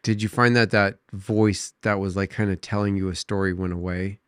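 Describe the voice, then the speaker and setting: A man hosting a podcast, asking gentle prompting questions and offering quick, supportive affirmations. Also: low voice, steady tone, clean tone, no echo, clean studio sound. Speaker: podcast host. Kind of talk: casual chat.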